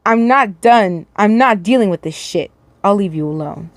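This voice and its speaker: A woman's voice: mid-range voice, lively intonation, moderate pace, no room sound, lightly acted. Woman voicing a hissing, furious burnt slasher man. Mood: snarling. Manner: hissing, snarling curses.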